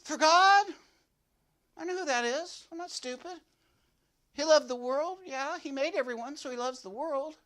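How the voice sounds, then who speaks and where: A man's voice: very high-pitched, normal speed, long pauses, a bit bright. A man playing a boastful, goofy young slacker in a comedic devotional monologue, rambling and repeating himself to grab attention. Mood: brash. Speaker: devotional speaker.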